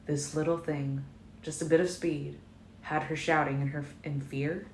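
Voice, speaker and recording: A woman narrating a fan-made audiobook in a calm, measured first-person reading. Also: deep voice. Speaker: audiobook reader. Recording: roomy echo, faint noise.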